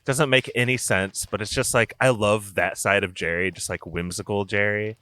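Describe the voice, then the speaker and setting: A man hosting a podcast in casual chat, giggly and animated as he talks. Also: fairly low pitch, moderate pace. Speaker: podcast host.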